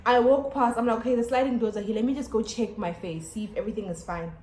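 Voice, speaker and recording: A young South African woman telling a storytime vlog to her camera at home, chatty and animated with lots of fillers and restarts. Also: fairly high pitch, fast talker, a little hiss or hum. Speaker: YouTuber. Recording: echoey room.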